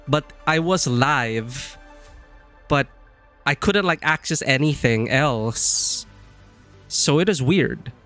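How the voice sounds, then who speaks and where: A man's voice: fairly high pitch, sharp tone. A man chatting casually on a live stream, rambling and friendly as he greets viewers.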